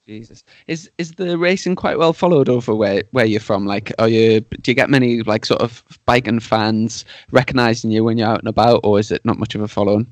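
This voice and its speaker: A man's voice: on the low side, brisk, hardly any pauses, no room sound. A man hosting a podcast, asking his guest loose, run-on questions in a casual chat. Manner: asks questions in loose, rolling bursts. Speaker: podcast host.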